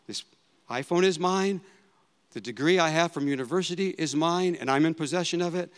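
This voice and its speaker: Pastor, man, 50s, chatty sermon delivery with repeated phrases, slightly raised pitch, long reverb. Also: a little fast, smooth. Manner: conversational, repeats phrases for emphasis.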